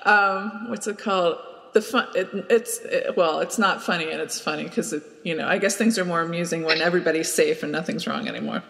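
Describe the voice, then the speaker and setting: A woman's voice: lowish voice, a little fast, vocal fry, fairly bright tone, in a large hall, a little hiss or hum. A woman hosting a podcast, chatting casually and telling a story with lots of laughter. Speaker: podcast host. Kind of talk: casual chat and anecdote.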